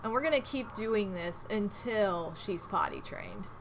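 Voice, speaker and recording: A woman doing casual gameplay commentary as a streamer, chatty and prone to loud exasperated outbursts. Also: mid-range voice, lively intonation, unhurried, vocal fry, noisy background. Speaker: game streamer.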